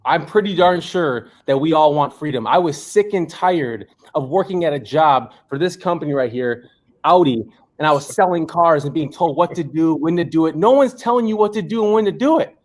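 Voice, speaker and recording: A man's voice: fairly high pitch, animated, moderate pace. A young man on a video call delivering a hyped, preachy motivational pep talk full of slogans. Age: young adult. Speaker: co-founder giving a motivational talk.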